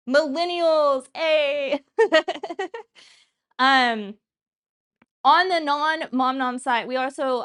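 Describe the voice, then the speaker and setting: A woman's voice: fairly high pitch, a bit bright. A woman in her thirties chatting casually while hosting a cooking livestream, rambling and laughing often. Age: 30s. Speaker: cooking show streamer.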